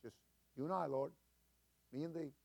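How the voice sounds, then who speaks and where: An older man preaching as senior pastor, folksy and chuckling, building to loud emphatic peaks. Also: fairly high pitch, normal speed, gravelly. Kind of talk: sermon.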